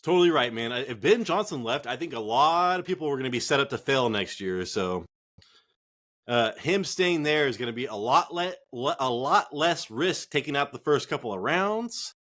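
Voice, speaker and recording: A man co-hosting a casual fantasy football chat, profane, excitable and rambling. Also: mid-range voice, normal speed. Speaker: fantasy football podcast co-host.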